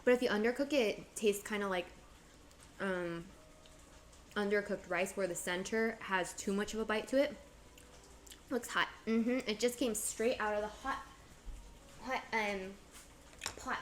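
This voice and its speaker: A woman's voice: on the high side, animated, normal speed, slight background noise. A woman chatting casually through a cooking livestream, playful and bubbly as she talks to her viewers. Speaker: streamer.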